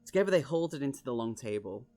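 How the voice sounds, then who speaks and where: A man reading a novel aloud on a stream, in a middling, ordinary pitch. He reads casually, chats between passages and laughs at his own slips as he corrects them. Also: lively intonation, very fast, music in the background. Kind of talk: casual read-along narration.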